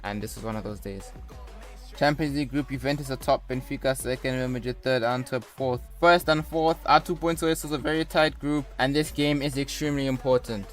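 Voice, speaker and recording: A man's voice: mid-range voice, brisk, soft background music. A young man commentating a football video game, mixing sports-caster calls with rambling jokey asides. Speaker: gaming YouTuber. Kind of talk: casual gameplay commentary.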